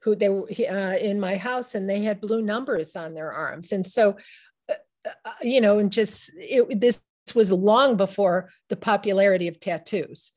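A woman in her sixties, an author being interviewed, telling personal family stories in a halting, emotional way with many restarts. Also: mid-range voice, a little mellow. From Midwest United States. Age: 60s. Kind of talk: reflective personal storytelling.

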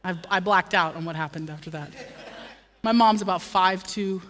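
A woman's voice: lowish voice, steady tone, normal speed, fairly bright tone, in a large hall. A woman pastor preaching a sermon with passion, building to emphatic declarations and dropping in humorous asides. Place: church.

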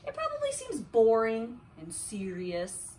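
A mother in her thirties playfully reading a silly picture book aloud to her child at home, with animated delivery. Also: fairly high pitch, unhurried, distant mic, slight background noise. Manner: animated, silly voices, laughing while reading. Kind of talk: playful read-aloud storytelling.

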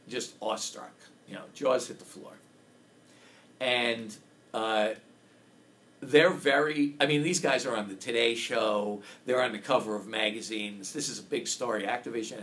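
A man's voice: fairly low pitch, a bit bright, slight background noise. A man, telling a story in a casual interview with enthusiasm and acting out the quotes. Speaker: game designer, interview guest.

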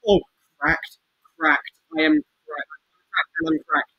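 A man giving excitable, swear-filled gameplay commentary as a video game YouTuber, breaking into yelling bursts. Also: fairly high pitch, moderate pace, creaky, husky, no room sound, dull audio.

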